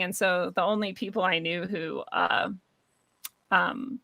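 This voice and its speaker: A young woman interviewed as a guest, telling a personal story in a lively way, laughing often and acting out what people said. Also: mid-range voice, moderate pace, gravelly, no room sound. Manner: animated, laughs often, acts out quoted voices. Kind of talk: conversational storytelling.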